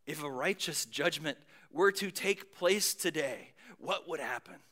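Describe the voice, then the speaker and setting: A man preaching a sermon, moving between booming emphasis and hushed near-whispers, with casual conversational asides. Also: expressive, unhurried. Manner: conversational asides with light humor. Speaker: pastor.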